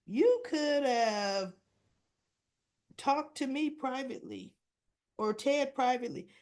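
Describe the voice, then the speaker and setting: A woman's voice: high-pitched, sing-song, takes it slowly, darkish tone, pitched above the performer's own voice, full character voice. A woman voicing a blunt, scornful wife. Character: stern wronged wife, cold and cutting.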